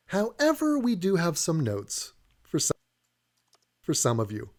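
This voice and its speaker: A man's voice: fairly high pitch, huge pitch swings, measured pace, pauses often, darkish tone. A man giving a profane, sarcastic comedic rant while reacting to an advert, sounding exasperated and swearing freely.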